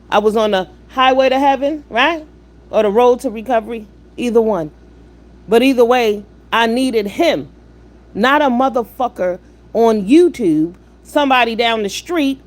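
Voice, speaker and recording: A woman hosts a live stream, blunt and profane, firing off rhetorical questions and lecturing her chat. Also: a little high. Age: 50s. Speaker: livestream host. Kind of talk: live-stream commentary with chat shout-outs.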